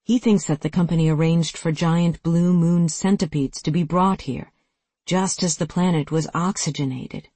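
A narrator voicing a nervous man who hesitantly passes on worrying news in a lowered voice, for a sci-fi audiobook. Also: steady tone, normal speed, husky, dry recording, lightly acted. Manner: hesitant, hushed. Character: nervous young man reporting secret news.

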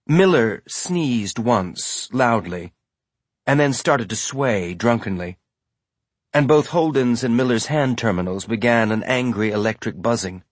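A man giving measured, scripted audiobook narration. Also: medium pitch, breathy edge, dry recording.

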